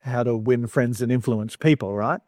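A man's voice: mid-range voice, moderate pace, a little mellow, no room sound, studio quality. A man giving a conversational sermon, chatty and wry, with humorous asides between scripture readings. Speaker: preacher.

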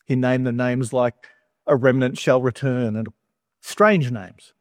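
A man's voice: medium pitch, a little slow, dry recording. Man preaching conversationally, dry sound. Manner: conversational, wry asides, animated emphasis. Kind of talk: sermon.

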